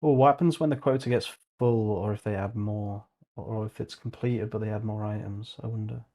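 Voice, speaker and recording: A man's voice: on the low side, steady tone, normal speed, dark tone. A young man vlogging as he works, thinking aloud and muttering to himself, with casual swearing. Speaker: vlogger coding on stream.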